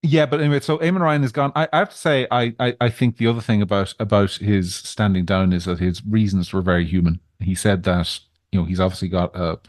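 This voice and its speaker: Male podcast co-host, lowish voice, considered casual political commentary, dry room. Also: fairly even intonation, no echo. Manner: thoughtful, measured opinions with frequent restarts.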